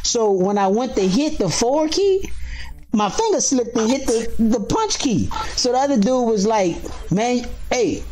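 A man's voice: extremely high pitch, expressive, normal speed, darkish tone, slight background noise, poor audio. A man from New Orleans hosting a podcast, telling stories in a casual, profane way with lots of restarts. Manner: profane, laid-back storytelling with frequent restarts. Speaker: podcast host.

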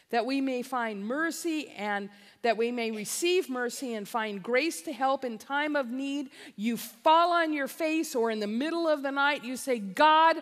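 Slow, impassioned woman preaching in a hall. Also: fairly high pitch, a bit bright. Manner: impassioned, emphatic repetition. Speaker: conference speaker and biblical counselor. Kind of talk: preaching a sermon-style talk. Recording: long reverb of a large hall.

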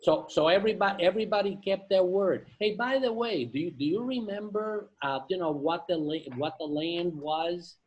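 Husky guy reading scripture to a study group, trips over names, cracks jokes, slightly high voice. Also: poor audio. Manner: reads slowly, stumbles over names, adds jokey asides. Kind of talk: reading aloud and group discussion.

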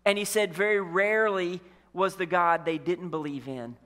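A man, a senior pastor, preaching a conversational sermon with rhetorical questions and jokes, dropping his voice low on the key lines. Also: steady tone, moderate pace, pushed and bright. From Illinois. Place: church sanctuary.

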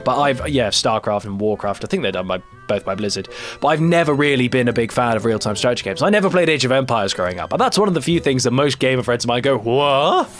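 A man's voice: mid-range voice, fairly bright tone. A man in his twenties hosting a let's play, giving casual, rambling and self-deprecating commentary while he plays a card game.

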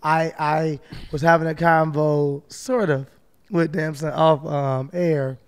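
A man from Chicago hosts a casual podcast chat with a fairly high voice. He jokes around and talks frankly, in a relaxed way. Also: slow, clean tone. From Chicago, United States. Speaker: podcast host.

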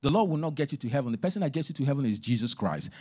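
A male minister preaching a sermon in church, emphatic, swinging between loud stresses and hushed asides. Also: medium pitch, expressive, very fast, slightly rough.

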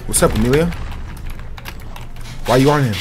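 A man's voice: mid-range voice, moderate pace, over loud music. A young man trash-talking and taunting opponents in casual commentary over online gameplay. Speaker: gaming streamer.

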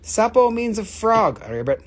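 Man, high pitch, husky, live auction host, joking, swearing. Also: lively intonation, normal speed. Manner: joking, swearing, calling out bidders. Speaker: live-stream mineral seller. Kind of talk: casual live auction chat.

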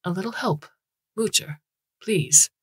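A cheerful, rotund little man with a breezy way of talking, put on by a woman reading aloud. The voice is husky and dry, pitched up a touch from her own. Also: slow, dry recording. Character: small rotund cheerful man, a canal digger. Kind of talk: audiobook reading.

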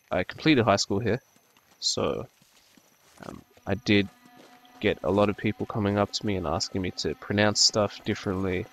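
A young man with an Australian accent talks casually over gameplay. His voice sits low and carries a gravelly fry, and he rambles with frequent ums and restarts. Faint noise hums behind him. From New Zealand. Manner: hesitant, many ums and restarts. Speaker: gaming YouTuber.

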